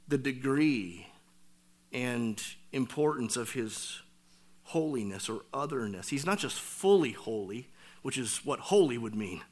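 Slow, emphatic preacher man. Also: medium pitch. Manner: wide swings from loud emphatic lines to hushed near-whispers; deliberate, with slowed emphatic phrases. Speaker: pastor. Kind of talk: sermon.

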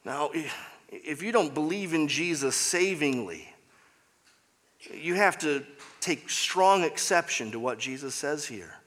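A man preaches with slow, deliberate emphasis, often repeating his key phrases. His voice is bright and a little higher than most men's. A long reverb hangs behind him, as in a church hall. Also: lively intonation. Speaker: pastor. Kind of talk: sermon.

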